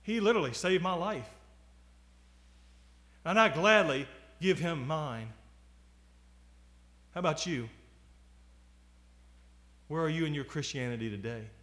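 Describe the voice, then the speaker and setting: A man in his forties preaching a sermon, moving from loud appeals to quiet asides. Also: fairly high pitch, measured pace, pauses often. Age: 40s.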